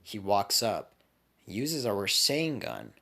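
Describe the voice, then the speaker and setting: Man, casual rambling storyteller, lively pitch, lowish voice. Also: takes it slowly, creaky. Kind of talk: casual fan speculation.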